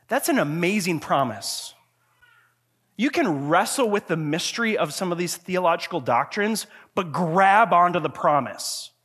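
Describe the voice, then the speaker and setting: A male pastor delivering a sermon in an earnest, conversational way, swinging from quiet, low passages to loud, emphatic questions. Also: sing-song, normal speed, breathy edge. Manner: earnest, conversational preaching with frequent restarts.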